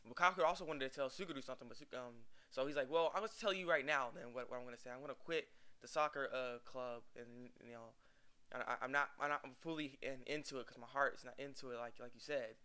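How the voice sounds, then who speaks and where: A man's voice: medium pitch, fast, sharp tone, smooth. A young man casually recapping an anime episode, rambling and acting out the characters' lines with laughs. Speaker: anime reviewer.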